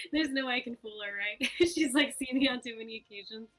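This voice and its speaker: A woman's voice: on the high side, moderate pace, fairly bright tone, faint music behind, low-quality recording. A woman playing a tabletop game, talking casually in an offhand, shrugging way. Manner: offhand, shrugging, laughs easily. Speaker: player. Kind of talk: casual game play chat.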